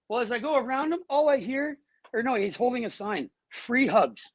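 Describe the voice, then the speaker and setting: Casual: man on earbuds, swears a lot, bounces all over in pitch, kinda husky. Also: normal speed, no echo, rough recording. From Canada. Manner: animated, blunt, swears freely. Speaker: guest. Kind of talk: emotional personal storytelling.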